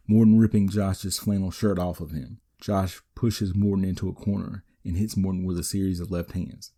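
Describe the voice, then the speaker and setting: A man hosting a wrestling podcast, giving a steady, matter-of-fact play-by-play recap with the odd dry aside. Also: low voice. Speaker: podcast host.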